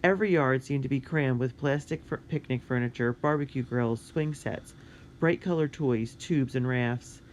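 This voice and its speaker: Audiobook narrator, clear, steady, children's story. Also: mid-range voice, moderate pace, a little hiss or hum. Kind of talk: scripted narration of a children's book.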